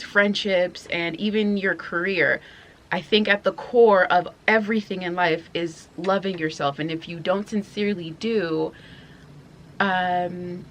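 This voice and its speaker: A woman's voice: lowish voice, fairly bright tone. A young woman from New York vlogging outdoors, chatting candidly to camera with frequent laughs. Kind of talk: casual talk to camera. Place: outdoors near horses and dogs.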